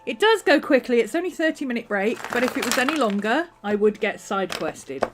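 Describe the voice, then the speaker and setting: Woman streaming host, fairly high voice, chatty and friendly to viewers, faint music underneath. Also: animated, fairly quick. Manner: chatty, greets viewers by name; soft and coaxing when talking to her dog. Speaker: livestream host. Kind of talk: casual live-stream chat while crafting.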